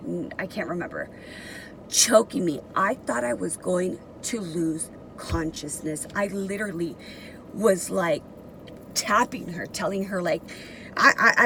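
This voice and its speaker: A woman's voice: fairly low pitch, lively intonation, a little slow, sharp tone, slight background noise, poor audio. A young woman vlogger telling a personal story in a casual, emotional and profane way, rambling with many fillers.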